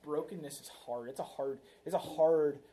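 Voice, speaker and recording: Mellow-voiced man preaching a conversational sermon. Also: a little high, normal speed, slight background noise. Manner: conversational preaching, frequent "right?" asides. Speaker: pastor.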